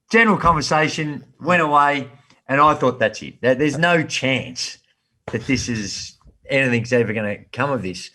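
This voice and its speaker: Aussie bloke in his 50s yarning away on a podcast, bright forceful voice, easygoing slangy storyteller. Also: mid-range voice, moderate pace. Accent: Australian. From Australia. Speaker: podcast guest. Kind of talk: casual storytelling.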